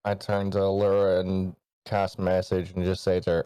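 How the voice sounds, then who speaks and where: A man's voice: low voice, monotone, moderate pace, few pauses, dark tone, smooth, poor audio. A man taking part in a tabletop game, bantering bluntly with the group. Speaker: player.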